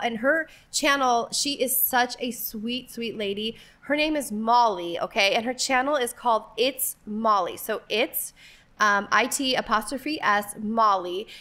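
Forties woman vlogger, high-ish voice, chatty, giggly, rambling in-store walk-through. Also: fairly bright tone. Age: 40s. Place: inside a retail store.

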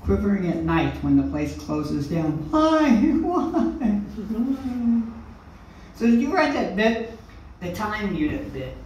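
An older stand-up comedian doing a rambling, profane set with loud swings, on a comedy club stage. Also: medium pitch, animated, normal speed, slight background noise. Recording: echoey room from a distant mic.

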